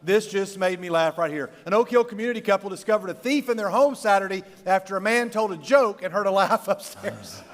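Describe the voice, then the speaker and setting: Man, high-pitched, middle-aged, youth pastor, joking storyteller, long hall reverb. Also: expressive, a little fast, few pauses. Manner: jokey, rambling storyteller who laughs often. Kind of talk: humorous talk to a live youth audience.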